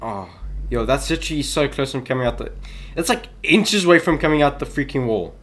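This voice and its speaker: A man's voice: medium pitch, expressive, fairly quick, fairly bright tone. A young man giving jittery commentary on a horror game he is playing, talking back to it and yelping when startled. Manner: jittery, talks to the game, yelps in panic. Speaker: gaming YouTuber.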